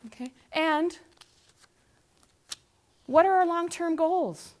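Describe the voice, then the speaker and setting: A woman in her forties giving a lively, conversational talk, asking the audience questions and acting out scenes. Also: very high-pitched, takes it slowly. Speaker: conference speaker.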